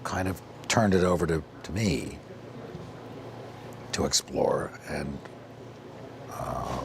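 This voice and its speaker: Very deep hesitant man in interview. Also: lively intonation, takes it slowly, gravelly, slight background noise. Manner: hesitant, many fillers and restarts. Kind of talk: halting interview answer.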